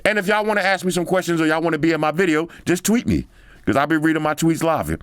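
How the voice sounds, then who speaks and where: A man's voice: fairly high pitch, animated, fast talker, clear, resonant tone, no echo. A man hosting a tech video, chatting casually while he scrolls a phone, slangy and loose, thinking aloud as he goes. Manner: slangy and chatty, drops in "yo" and "bro".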